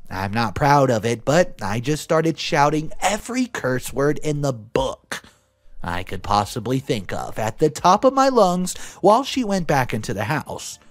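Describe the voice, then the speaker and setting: A young man narrating a story aloud in a lively, expressive way, over faint music. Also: mid-range voice, measured pace. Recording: dry close voice with faint music.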